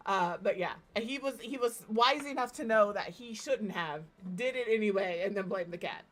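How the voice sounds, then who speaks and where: A woman streaming as she builds in a game, talking in a relaxed, chatty way and giggling through her stories. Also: medium pitch, normal speed. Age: adult parent. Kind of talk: casual chat while building in a game.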